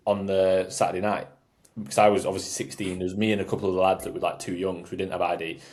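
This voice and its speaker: Young bloke, very deep voice, swearing through podcast banter. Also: male voice, level tone, quick pace, a little mellow. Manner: swearing, storytelling, laddish. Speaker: podcast co-host. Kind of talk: casual chat.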